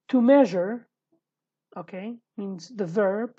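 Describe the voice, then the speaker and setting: Mellow breathy woman teaching a lesson. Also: medium pitch, muffled recording. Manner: explains patiently, often pausing and repeating words. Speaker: language teacher. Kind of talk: casual online language lesson.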